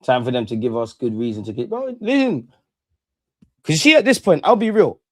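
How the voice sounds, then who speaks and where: A man, hosting a casual livestream, talking in slangy, animated bursts that swing between loud and muttered. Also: mid-range voice, a little fast, dry recording, studio quality. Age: 30s. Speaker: livestream host.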